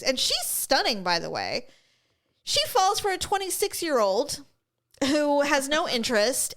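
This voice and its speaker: A woman co-hosting a podcast in casual chat, animated and blunt, swearing and acting out the people she talks about. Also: high-pitched. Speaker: podcast co-host.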